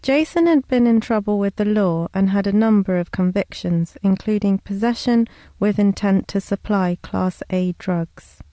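A woman reads documentary narration in a measured, factual way. Her voice is mellow and warm, recorded close and dry with no room sound. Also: medium pitch, no room sound. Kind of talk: scripted narration.

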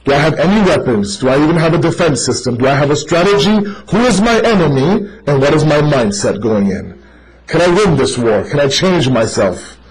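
A man preaching a sermon to a gathered audience, animated and speaking directly to his listeners as brother, telling stories to make his points. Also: a little high, a little fast, poor audio.

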